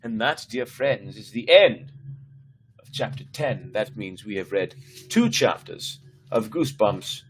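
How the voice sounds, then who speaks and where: A man's voice: lowish voice, unhurried, a little hiss or hum. A man hosting a live story time, reading a children's horror book aloud and chatting with viewers. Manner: relaxed, chatty sign-off with fillers. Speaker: storyteller host.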